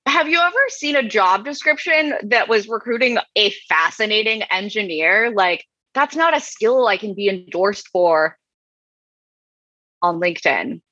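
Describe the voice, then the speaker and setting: Sarcastic breathy woman co-host, lively. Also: medium pitch, a little slow, no room sound, dull audio. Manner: sarcastic, animated. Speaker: podcast co-host. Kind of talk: casual chat.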